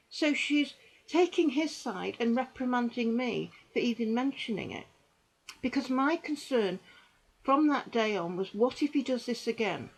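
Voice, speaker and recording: A middle-aged woman gives earnest personal testimony to camera, halting and repeating herself. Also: on the high side, expressive, poor audio. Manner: halting and repetitive, with restarts; earnest and emotional, with bitter dark humour. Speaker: survivor giving testimony.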